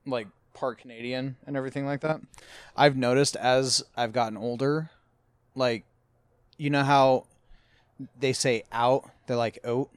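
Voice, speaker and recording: A man's voice: mid-range voice, fairly even intonation, measured pace, long pauses, smooth, no echo. A man co-hosting a podcast in casual chat, teasing his co-host and laughing often, with casual swearing.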